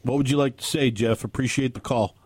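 A man hosting a talk radio show, speaking earnestly and haltingly, often restarting his sentences. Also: mid-range voice, fairly even intonation, darkish tone, dry recording. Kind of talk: talk radio, on-air remarks. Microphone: studio microphone.

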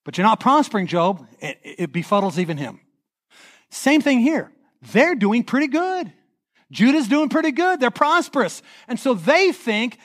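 A man preaching a sermon in church as pastor, animated, acting out quoted voices and leading the congregation in call-and-response. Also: extremely high pitch, a little slow. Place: church sanctuary.

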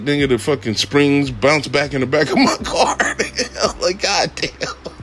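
High, swooping comic man ranting. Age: adult father. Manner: profane, exclamatory, swings between shouting high and muttering low. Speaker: rideshare driver. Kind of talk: comic storytelling rant.

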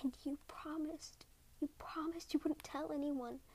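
A woman's voice: a little high, steady tone, fast talker, fairly bright tone, breathy edge. A woman reading a storybook, voicing a sorrowful, secretive snow spirit wife who speaks in a harsh whisper.

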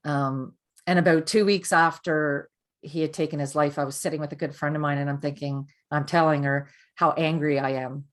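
Middle aged woman with a low voice, talking frank and earnest on a podcast, lots of restarts. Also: steady tone, normal speed. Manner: candid and earnest, with frequent restarts. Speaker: podcast guest. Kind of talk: personal storytelling in a conversation.

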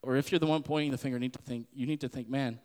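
A young man hosting a podcast, giving a casual sermon-style Bible talk in an animated way and acting out the voices he quotes. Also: medium pitch, racing, in a large hall. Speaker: podcast host.

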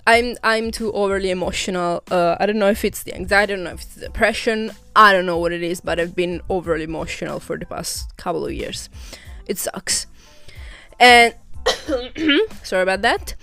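A woman's voice: on the low side, normal speed, fairly bright tone, faint music behind. A young woman from Italy hosting her own podcast, chatting casually in a rambling way with many restarts and little laughs. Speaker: podcast host. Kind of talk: casual solo podcast chat.

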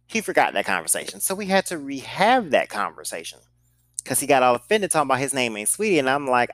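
Man, slight southern accent, blunt sarcastic storyteller, swears a lot, mid-pitched, dry close sound. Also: big pitch swings, fast, fairly bright tone, no room sound. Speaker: podcast host telling a story. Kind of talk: casual storytime monologue.

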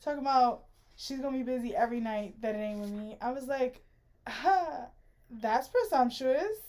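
A woman's voice: on the high side, steady tone, fast, darkish tone. A woman co-hosting a podcast, chatting casually about a book with wry, dry remarks. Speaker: podcast co-host.

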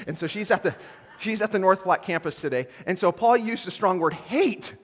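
A male pastor delivers a sermon in a high voice, animated and playful, acting out quoted voices and swinging from hushed lines to loud bursts. His voice rings out with a long reverb, as in a large church hall. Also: normal speed. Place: church auditorium.

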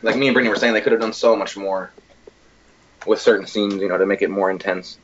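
A man co-hosting a casual podcast chat, retelling a film in a rambling, profane, animated way. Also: lowish voice, fast, muffled recording, slight background noise. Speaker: podcast co-host.

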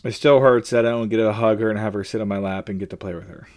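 A man's voice: on the low side, steady tone, fast talker, darkish tone. A man hosting a faith-based podcast, talking in an earnest, personal and openly emotional way. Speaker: podcast host.

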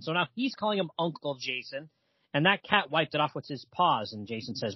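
Husky man chatting about comics. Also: medium pitch, animated, brisk, no room sound, lo-fi sound. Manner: reads comic dialogue aloud with laughs. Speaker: podcast co-host. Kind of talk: casual comic book discussion.

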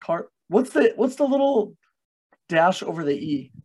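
A man's voice: sits high, sing-song, unhurried, a little mellow, slightly rough. Swearing young man hosting a casual podcast. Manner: loose, swearing, laughs at himself. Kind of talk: casual chat.

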